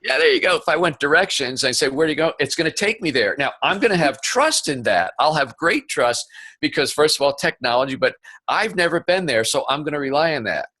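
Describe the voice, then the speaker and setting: Man, interview guest over a video call, bright forceful delivery, dry sound, animated storyteller. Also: fairly high pitch, dry recording. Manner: animated storyteller, quick asides. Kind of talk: conversational interview. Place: home office.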